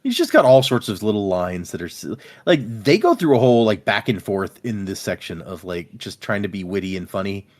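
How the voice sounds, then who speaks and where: A man's voice: lowish voice, fairly quick, hardly any pauses. A young man co-hosting a podcast, chatting casually about a book and reading passages aloud. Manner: animated, reads quotes aloud between commentary. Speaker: podcast co-host.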